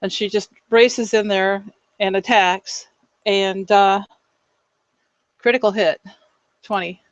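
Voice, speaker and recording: A woman playing a tabletop game, describing her character's actions in an animated way and searching for words. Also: mid-range voice, slow, no echo, dull audio. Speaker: player.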